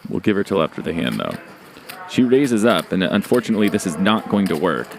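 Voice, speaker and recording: Casting: a deep, brisk male poker commentator calling hands. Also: very animated, gravelly. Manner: brisk, explanatory. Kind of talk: play-by-play commentary.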